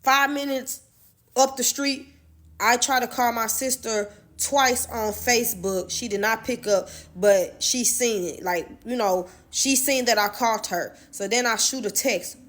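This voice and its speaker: Slangy woman with a fairly high voice. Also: a little slow, a bit bright. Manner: loose, slangy, profane telling. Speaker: storyteller. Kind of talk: casual storytime monologue.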